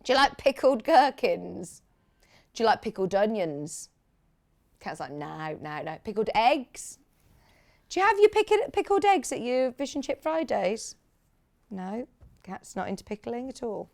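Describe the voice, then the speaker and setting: A British woman hosts a live TV shopping show about sewing, chatty and enthusiastic. Her voice sits a little high and swings widely in pitch as she gushes over each new fabric panel. She talks in a relaxed studio way. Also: a little slow, gravelly, long pauses. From United Kingdom. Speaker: shopping channel presenter. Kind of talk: live TV sewing product demonstration.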